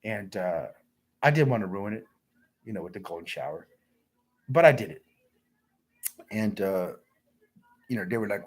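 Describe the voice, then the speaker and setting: Husky guy rambling on his stream, voice all over the place, reads the chat out loud. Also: lowish voice, expressive, normal speed, pauses often. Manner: crude, repetitive, rambling storytelling; reads viewer comments aloud. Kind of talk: rambling livestream monologue.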